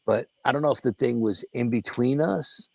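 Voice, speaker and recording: The guest, an older paranormal investigator, has a gravelly, medium-pitched voice at normal speed. He tells his interview story casually and animatedly, with profanity, acting out what people said. The recording is rough, with no room sound.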